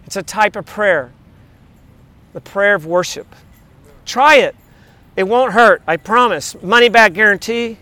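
A middle-aged pastor with a rather high voice preaches an energetic sermon, speaking a little slowly with long pauses. He breaks into sung worship lyrics, speaks others aloud, and quotes texts from friends.

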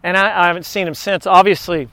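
A man preaching a sermon and reading scripture, emphatic, often asking the congregation quick questions. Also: sits high, steady tone, pushed and bright, no echo.

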